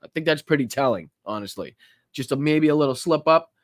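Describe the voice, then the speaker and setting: Profane, animated man hosting a podcast. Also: a little high, fairly quick, dry recording, studio quality. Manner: profane, incredulous, interrupts the clips. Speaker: podcast host. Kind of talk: casual political commentary.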